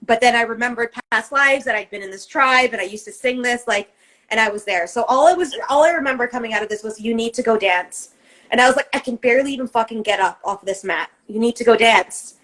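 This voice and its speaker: A woman's voice: a little high, a bit bright, rough recording. A woman co-hosting a podcast in casual chat, candid and emphatic, swearing freely and acting out the voices in her head. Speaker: podcast co-host.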